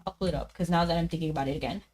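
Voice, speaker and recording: A woman game streamer chatting casually as she plays, talking fast, laughing often and saying "like" a lot. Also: low voice, darkish tone, slight background noise. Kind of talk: casual live-stream chat while gaming.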